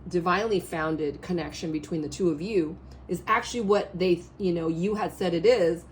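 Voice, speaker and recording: A woman reading tarot cards in a rambling, animated way, her voice a little hoarse, often checking in with the listener. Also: lowish voice, moderate pace. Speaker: tarot reader. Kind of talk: casual spiritual reading to camera.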